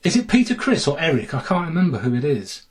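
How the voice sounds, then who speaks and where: Man, birmingham accent, husky voice, rambling guest, video call. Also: a little high, big pitch swings, fast. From England. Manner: rambling, self-correcting. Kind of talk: casual chat.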